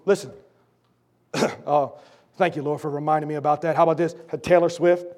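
A middle-aged man preaching a sermon with a sore throat, fervent and emphatic, swinging between shouted lines and low, intense asides as he calls out to the congregation. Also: steady tone, normal speed.

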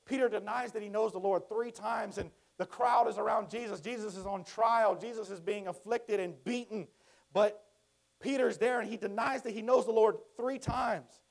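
A man preaching a sermon in a conversational way, swinging from hushed, quiet lines to loud, emphatic ones. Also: high-pitched, creaky.

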